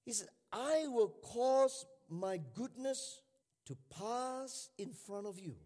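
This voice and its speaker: A man preaching a sermon to a church, building to fervent shouting, in a large hall with long reverb. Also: extremely high pitch. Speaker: pastor.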